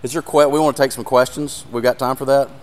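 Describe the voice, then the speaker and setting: This ministry speaker talks fast in a steady, mid-range voice. His sermon is earnest and includes a live demonstration; he speaks straight to the people listening, and his emotion builds.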